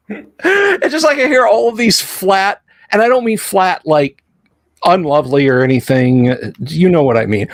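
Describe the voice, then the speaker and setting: A man's voice: high-pitched, lively intonation, normal speed, dry recording, clean studio sound. A middle-aged American man hosting a casual live-stream chat, telling rambling stories full of asides and restarts. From United States. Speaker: podcast host.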